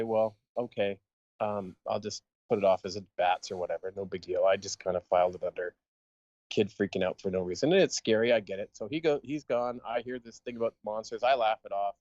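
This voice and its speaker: A man's voice: on the low side, darkish tone, dry recording. Podcast co-host, male, casual storyteller, rambling delivery, dry and slightly dull recording. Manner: rambling anecdote, laughing often.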